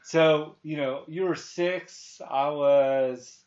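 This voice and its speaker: A man's voice: a little high, fairly even intonation, very slow, a little mellow, lo-fi sound. A man in his thirties hosting a casual movie review chat, rambling with many restarts and fillers. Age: 30s. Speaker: podcast host.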